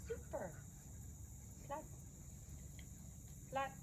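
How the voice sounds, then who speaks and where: A woman's voice: sits high, very animated, extremely slow, background noise. A woman dog breeder casually explaining a dog's build and giving firm, short commands outdoors. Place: outdoors on a rural farm.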